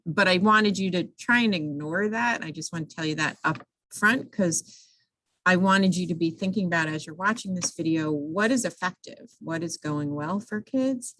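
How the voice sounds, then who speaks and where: A woman's voice: on the low side, moderate pace, fairly bright tone, no room sound, rough recording. A woman talking through slides for teachers in a conversational way, with frequent restarts and fillers. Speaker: instructional coach presenting to teachers. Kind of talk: recorded slide-show recap for teachers.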